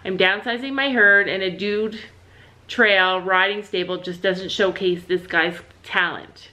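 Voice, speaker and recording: A woman's voice: mid-range voice, steady tone, a little slow, sharp tone. A woman chatting casually in a family vlog, talking to viewers and her pet bird. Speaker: family vlogger. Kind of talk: casual vlog chat to camera.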